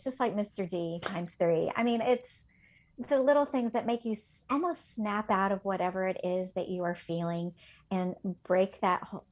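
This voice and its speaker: A woman teacher co-hosting a podcast who tells heartfelt classroom stories in a chatty way, with many fillers. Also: medium pitch. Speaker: elementary teacher, podcast co-host. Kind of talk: casual podcast chat.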